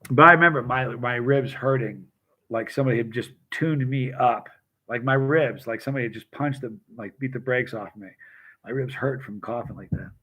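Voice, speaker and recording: A man's voice: mid-range voice, brisk, bright, forceful tone, breathy edge, low-quality recording. A middle-aged man casually telling rambling personal stories, often restarting his sentences and greeting viewers by name. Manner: rambling, self-interrupting, addresses viewers by name. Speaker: vlogger chatting with live chat.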